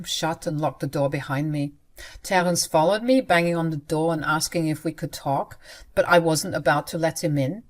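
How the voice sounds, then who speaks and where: A woman narrating a first-person story in a cold, cutting, matter-of-fact way. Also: fairly low pitch.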